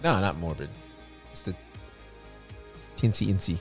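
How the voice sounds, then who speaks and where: A man's voice: low-pitched, expressive, a little slow, soft background music. Teasing, playful man co-hosting. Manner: joking, teasing, playful impressions. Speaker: podcast co-host. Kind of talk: casual chat.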